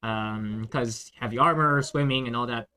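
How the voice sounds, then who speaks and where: A mid-range, smooth male voice with a sharp tone, speaking at normal speed. He's the host and dungeon master in a casual friends' chat, spinning a game story in a rambling way with lots of fillers and restarted sentences.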